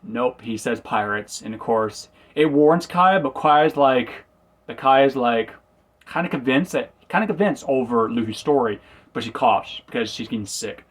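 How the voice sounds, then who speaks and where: Here a man rambles through a casual recap and review of a TV episode, often correcting himself and performing the quotes. He speaks at a normal speed in a mid-range voice.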